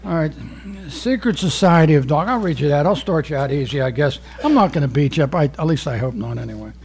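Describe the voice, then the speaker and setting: A former undercover narcotics officer turned poet, giving a rambling, profane poetry reading full of stories. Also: male voice, on the high side, lively intonation, fast talker, a little hiss or hum. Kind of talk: live poetry reading with storytelling.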